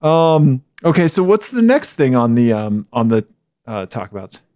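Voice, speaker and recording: A man with a high-pitched voice co-hosting a podcast in a casual, chatty way, with frequent yeahs and okays. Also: normal speed, no echo, studio quality. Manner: animated, chatty, frequent back-channel yeahs. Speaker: podcast co-host. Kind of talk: casual chat.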